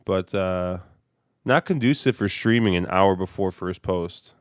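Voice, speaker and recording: A man hosting a relaxed podcast chat, his voice stuffy and congested. It sits low and smooth, with many fillers and restarts, and the sound is dry and close. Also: a little slow, no echo. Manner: rambling, filler-heavy. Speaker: podcast host. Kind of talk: casual horse racing chat.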